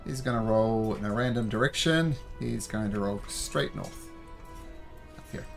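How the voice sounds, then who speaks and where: A man running a tabletop game as game master, calmly explaining rules and narrating the scene. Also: fairly low pitch, normal speed, vocal fry, faint music behind. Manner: calm, explains rules patiently.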